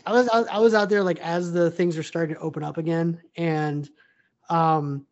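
A man co-hosting a casual sports podcast, animated and blunt, laughing often as he talks. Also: fairly high pitch, moderate pace. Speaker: podcast co-host. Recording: dull lo-fi sound.

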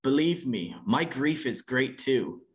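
A man reading as a calm, earnest god-king. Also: mid-range voice, unhurried, close to an everyday voice. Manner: calm, pleading, formal. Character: godlike male warrior-king, calm and earnest.

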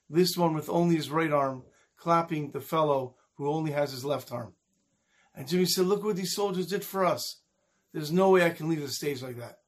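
High-voiced man telling a sermon story. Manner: animated storyteller. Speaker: speaker at a community event.

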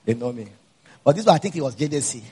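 A man with a Nigerian accent, a pastor mixing a personal story into his sermon, dropping low for asides and rising loud to preach. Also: lively intonation, fast talker, husky.

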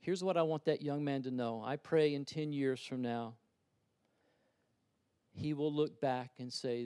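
A middle-aged man, a pastor, preaching a sermon in a church, swinging from loud, urgent appeals to quiet, conversational storytelling. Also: mid-range voice, a little slow, pauses often, clean tone, no room sound. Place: church sanctuary.

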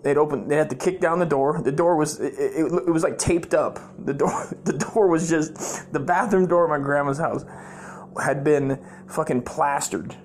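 A man's voice: a little high, normal speed, a little hiss or hum. A man hosting his own comedy podcast, telling profane, rambling stories full of fillers and restarts. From United States.

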